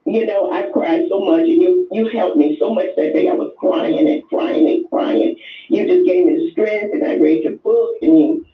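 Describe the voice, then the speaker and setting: A woman's voice: mid-range voice, big pitch swings, normal speed, recorded from a distance, slight background noise. An older woman calling in to a show, talking with effusive emotion and repeating herself. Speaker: caller. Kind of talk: call-in chat. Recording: echoey tinny phone line.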